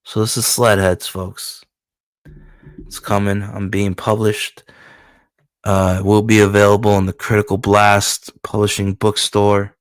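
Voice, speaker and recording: A man, a comic book creator, casually walking through his own comic in loose, profane, excitable commentary. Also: on the low side, measured pace, dry recording, clean studio sound.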